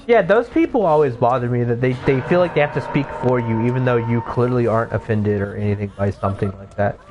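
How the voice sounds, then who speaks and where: A man's voice: medium pitch, fast, background noise. A young man chatting casually while playing a video game, rambling with lots of fillers and frequent swearing. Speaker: gaming streamer. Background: music.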